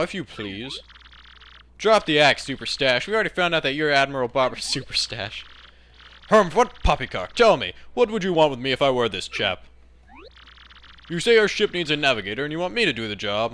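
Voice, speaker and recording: Snooty old sea admiral, as a man voices him; stiff posh delivery, lively pitch. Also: fairly quick. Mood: haughty. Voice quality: posh, stiff upper-class manner. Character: stuffy old retired bomb admiral, grumpy.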